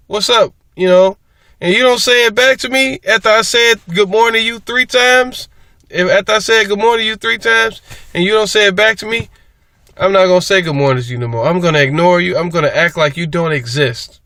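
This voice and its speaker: A man rambles through a casual monologue, repeating himself and restarting sentences as he goes. His voice sits a little high and sounds bright. The sound is close and dry. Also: no echo. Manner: rambling, repetitive, with many restarts. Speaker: vlogger.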